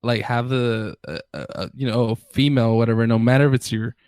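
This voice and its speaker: A man's voice: mid-range voice, steady tone, a little mellow, clean tone, no echo. A man in casual podcast chat with a mid-range voice, recorded dry with no room sound. He is laid-back and swears freely, often stopping and restarting his thoughts. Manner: laid-back, profane, halting. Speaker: podcast co-host.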